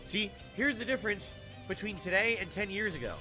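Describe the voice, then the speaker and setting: A man in his forties with a high, lively voice talks on his stream, tearful and mocking himself. Clear music plays behind him. His pitch jumps around a lot. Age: 40s. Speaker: streamer in a played clip. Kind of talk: stream recap talk.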